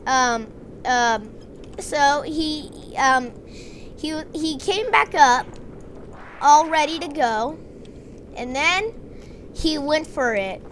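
A woman narrating a gameplay story with excitement, acting out her characters. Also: sits high, extremely slow, pauses often, slight background noise. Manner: excited storytelling, doing dramatic voices for the characters. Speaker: game narrator.

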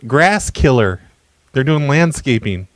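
A man hosting a comedy show, making prank phone calls in a stammering, mock-apologetic, deadpan way. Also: mid-range voice, slow pace, no room sound. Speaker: prank caller and show host.

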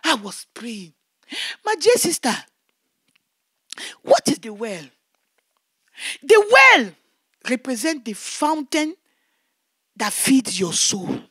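A woman evangelist telling a testimony in fervent preaching, shouting her prayers and recounting events vividly. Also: fairly high pitch, very animated, takes it slowly, long pauses, breathy edge, no echo, studio quality.

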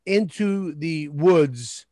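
A man's voice: on the high side, animated, very slow, dark tone, no room sound, clean studio sound. A man guesting on a comedy podcast, riffing crudely with heavy swearing.

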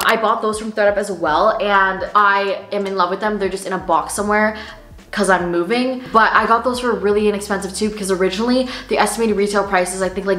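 A woman's voice: medium pitch, a bit bright. A young woman vlogging a sponsored try-on haul, chatting in a bubbly, slangy way full of "like" and "literally". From Canada. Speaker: fashion vlogger. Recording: echoey room, faint noise.

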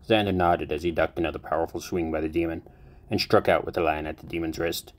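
Deep-voiced male audiobook narrator. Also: fairly even intonation, quick pace. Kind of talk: fan fiction audiobook reading.

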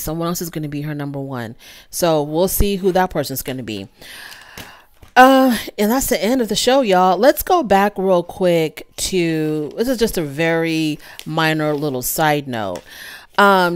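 A woman casually recapping a reality TV episode, acting out the quotes with big jumps in pitch. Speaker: TV recap host.

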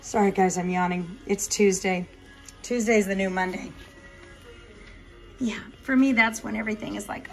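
A dog breeder chats casually to the camera about her puppies, occasionally cooing at them in a higher, sing-song voice. She talks at normal speed with long pauses, over soft background music on a low-quality recording.

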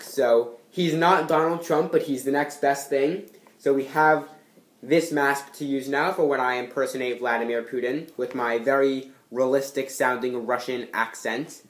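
Chatty young man in an echoey room. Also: mid-range voice. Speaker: comedy channel creator. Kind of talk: casual vlog talk to camera. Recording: roomy echoing room.

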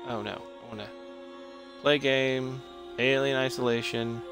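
A man's voice: medium pitch, steady tone, unhurried. A man streaming a horror game live. He is jumpy and nervous and makes fun of himself as he plays. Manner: jumpy, nervous, self-mocking. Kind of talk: live gameplay commentary. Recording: voice over loud game music.

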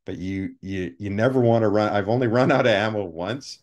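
A man with a fairly low voice tells stories from his years on film sets as an interview guest. He talks with energy, often slipping into the voices of the people he quotes. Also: brisk. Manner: animated anecdotes, acts out quoted people. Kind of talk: storytelling interview.

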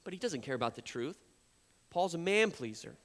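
A man preaching from a church platform, his voice sitting a bit high for a man. He builds his points in emphatic repetitions and mimics the accusers in a sharper tone. The sound carries a long hall reverb. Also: normal speed. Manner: animated preaching, acts out accusers in a raised voice. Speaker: pastor. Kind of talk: sermon. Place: church sanctuary.

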